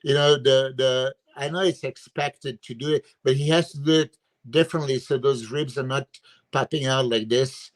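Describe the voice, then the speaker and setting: A man's voice: mid-range voice, fairly even intonation, moderate pace. Casting: emphatic guest coach, man, lots of "you know" and "uh", opinionated podcast talk over a video call. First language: Serbian. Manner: emphatic, filler-heavy, opinionated. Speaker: bodybuilding coach and guest analyst. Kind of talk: casual podcast chat.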